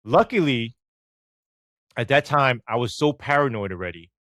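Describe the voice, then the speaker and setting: A middle-aged man, a former police officer telling stories in an interview, animated and swearing casually as he acts out the dialogue. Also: medium pitch, normal speed, dry recording. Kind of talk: storytelling interview.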